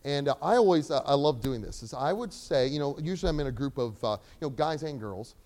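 A young man preaching a sermon, animated, swinging between loud emphasis and quiet asides. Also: medium pitch, fast. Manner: acts out voices of characters in the sermon.

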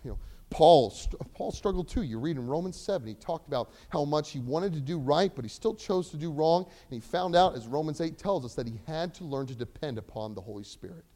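A young man preaching a sermon, animated, swinging between loud emphasis and quiet asides. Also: fairly high pitch, brisk. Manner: acts out voices of characters in the sermon.

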